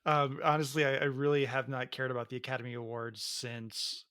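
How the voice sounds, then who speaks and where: A man's voice: medium pitch, flat delivery, a little fast, fairly bright tone, smooth, no room sound. A man co-hosting a casual podcast chat, dry and sarcastic. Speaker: podcast co-host.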